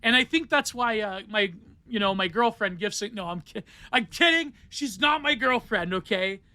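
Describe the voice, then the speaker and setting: High, bright-voiced rambling man. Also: moderate pace, no echo. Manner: rambling, digressive, many fillers and self-corrections. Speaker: podcast host. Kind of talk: casual solo monologue on art theory.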